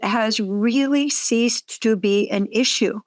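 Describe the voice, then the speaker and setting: A woman hosting a reflective conversation, speaking thoughtfully and giving soft affirmations. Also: on the high side, slow pace, no room sound.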